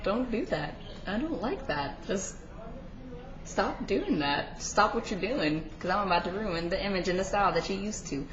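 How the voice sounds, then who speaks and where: A woman's voice: medium pitch, expressive, moderate pace, a crowd in the background. Sarcastic teen girl vlogging, echoey. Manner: sarcastic, rambling, valley-girl fillers. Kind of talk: casual pet peeves vlog. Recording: echoey room, dull lo-fi sound.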